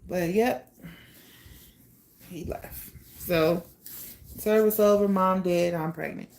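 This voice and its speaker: A young woman telling her own life story in a candid, blunt way, pausing often with fillers. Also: lowish voice, fairly even intonation, a little mellow. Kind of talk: personal storytelling monologue.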